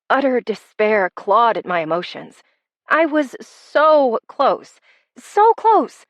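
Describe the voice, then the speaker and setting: A woman narrating a first-person romance audiobook with wry, expressive delivery. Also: on the high side, no room sound.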